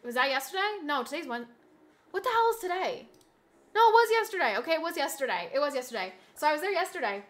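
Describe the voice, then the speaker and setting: A woman streaming from home, her voice high and lifted above most, chatting casually with her viewers. She rambles through stories, starting sentences over and repeating herself as she goes. Her tone is bright and forward, picked up on a desk mic. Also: very animated, fast talker. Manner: rambling storytelling with many restarts and repeats. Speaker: live streamer. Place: indoors at home streaming setup.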